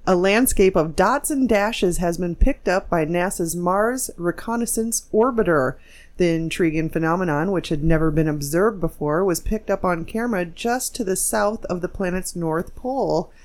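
Low-voiced woman reading news. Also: a little mellow. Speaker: podcast co-host. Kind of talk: reading a news story on a podcast.

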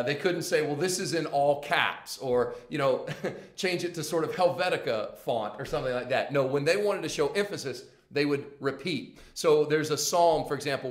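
A man preaching a sermon, swinging from hushed, intense passages to loud, emphatic ones, with casual conversational asides. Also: mid-range voice, reverberant. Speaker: pastor.

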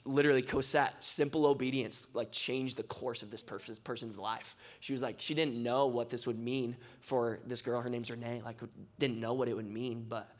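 A young man speaks in a loose, conversational way, leaning hard on filler words as he tells his stories. His pitch sits in the middle range for a man. This is a testimony-style sermon given to a church gathering. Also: steady tone, normal speed. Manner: casual, filler-heavy storytelling with many "like"s; rising, impassioned closing prayer.

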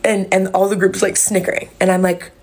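A woman's voice: mid-range voice, fairly quick. A young woman telling a dating story on a podcast, acting out the voices of the people in it and swearing freely. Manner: animated, acts out quotes, swears freely. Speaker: podcast host. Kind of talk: casual storytelling chat.

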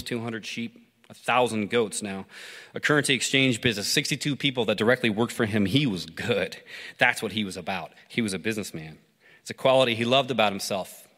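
A man preaching through a story, pausing to ask listeners reflective questions. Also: lowish voice, pushed and bright. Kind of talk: sermon told as a story. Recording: long hall reverb.

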